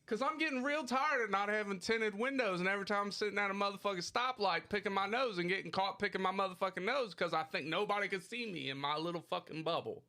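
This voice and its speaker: Guy hosting a podcast, bright kinda high voice, swears a lot and jokes around. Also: fast, hardly any pauses. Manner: animated, profane and joking. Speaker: podcast host. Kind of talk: casual podcast chat.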